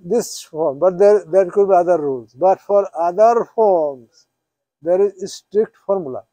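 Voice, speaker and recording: A male teacher gives a classroom lesson on Quranic Arabic grammar, going over each term again and again and checking in with short questioning tags. His voice is fairly high but mellow and warm. The recording is dry, with little room sound. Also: measured pace, no echo. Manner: patient, repetitive explaining with questioning tags. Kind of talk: classroom lesson, mixing English and Bengali.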